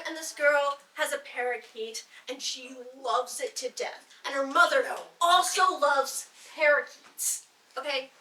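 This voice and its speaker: A high, bright woman's voice tells jokes to a small circle of listeners, giggling through her own setups and wandering off with lots of ums. Her voice sounds distant and roomy, picked up from across an echoing room. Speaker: joke teller at a bardic circle. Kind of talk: casual live joke telling. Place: indoor gathering room with listeners.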